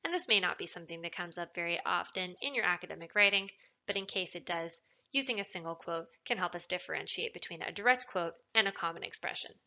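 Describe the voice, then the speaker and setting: A woman tutor giving a recorded writing lesson, explaining clearly and stressing key words. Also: fairly low pitch, quick pace, sharp tone, highs cut off. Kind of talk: recorded lecture narration.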